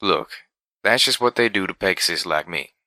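A man voicing a young male pegasus pony who talks in a folksy, drawn-out country way in a storybook reading. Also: low-pitched, bright, forceful tone, no room sound.

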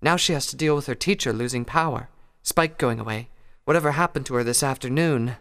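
A prim, genteel pony lady, as a male reader puts her on, fretting in dramatic phrases. Her voice sits well above his own and keeps a gravelly edge. The storybook reading rings with a long hall reverb. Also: medium pitch, fairly quick, fairly bright tone, pitched above the performer's own voice, natural voice. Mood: anxious. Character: refined fussy female pony, prim and worried. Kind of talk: fan fiction audiobook reading.

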